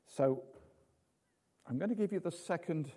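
A man's voice: on the high side, lively intonation, unhurried, dark tone. A man preaching an informal sermon in a chatty, jokey way, full of tag questions.

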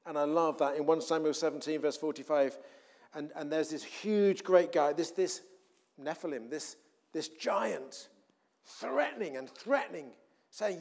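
A man preaching a sermon, telling a scripture story with animated acted-out voices. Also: fairly high pitch, measured pace, gravelly. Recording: long hall reverb.

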